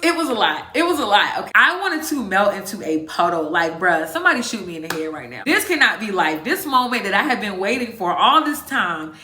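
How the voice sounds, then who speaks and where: A woman's voice: medium pitch, very animated, a little fast, hardly any pauses, bright, forceful tone, soft background music. A woman in her twenties telling a dramatic, slang-filled story straight to her viewers in a casual vlog. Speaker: vlogger. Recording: echoey room.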